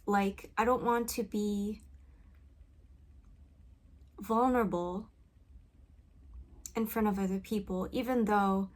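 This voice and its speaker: Taking it slowly with long pauses, a woman with a steady, medium-pitched voice reflects in her personal vlog, groping for words. She's a musician and video creator recording into a studio condenser mic with a pop filter inside a home vocal booth.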